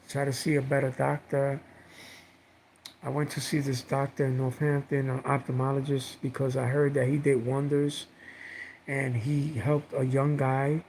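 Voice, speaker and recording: A man's voice: a little high, gravelly, a little mellow, a little hiss or hum, poor audio. A middle-aged man vlogging from home, telling a personal story in a rambling, heartfelt way, repeating words and using lots of fillers.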